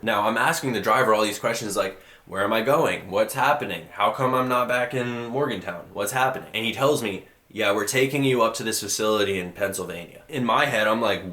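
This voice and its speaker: A young man with a lowish voice recounts his own story in a casual monologue, blunt and profane, words tumbling out in a rush. The sound carries a noticeable room echo. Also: bright, forceful tone. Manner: blunt, profane, rushed retelling. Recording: echoey room.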